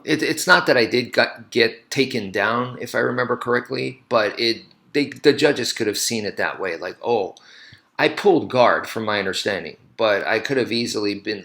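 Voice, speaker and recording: Gravelly man rambling through a story. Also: on the low side, sharp tone. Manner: rambling and self-correcting, frequent "you know" asides. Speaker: martial arts instructor. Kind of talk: casual spoken storytelling to camera.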